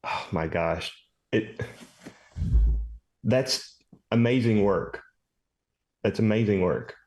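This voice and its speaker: Slow, low-voiced podcast guest man. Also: a little mellow. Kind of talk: casual chat about music.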